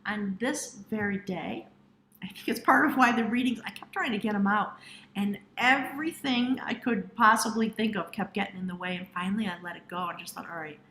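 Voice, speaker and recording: A woman giving an intuitive tarot reading to camera, speaking earnestly and directly to the viewer, sometimes dropping into hushed, drawn-out phrases. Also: medium pitch, roomy sound, slight background noise, rough recording. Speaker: tarot reader.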